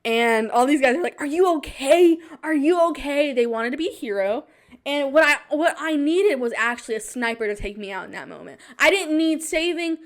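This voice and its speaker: Young woman, podcast host, somewhat high voice, casual storytelling, self-mocking, animated. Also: a little fast. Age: young adult.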